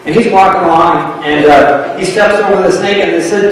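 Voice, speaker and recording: A man's voice: sits high, brisk, hardly any pauses. Echoey male pastor telling a story. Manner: animated storyteller acting out voices. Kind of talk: sermon storytelling. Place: church sanctuary. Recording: echoey hall, mic from a distance.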